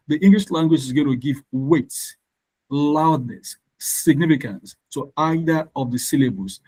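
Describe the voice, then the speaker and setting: A man, tutoring English in a live online lesson, explaining slowly and repeating words for emphasis. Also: a little high, a little mellow, low-quality recording.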